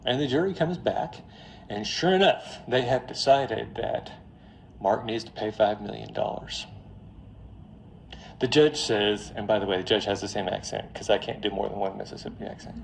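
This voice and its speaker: A man lecturing on finance in a classroom, telling a story in a lively, joking way straight to his students. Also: lowish voice, moderate pace, creaky, a little hiss or hum. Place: classroom before a live audience.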